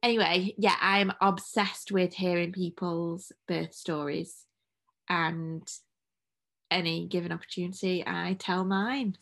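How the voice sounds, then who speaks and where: A woman's voice: lowish voice, flat delivery, gravelly, fairly bright tone. Woman, podcast co-host, recording at home; rambling, laughing, casual chat. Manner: chatty, rambling, quick to laugh.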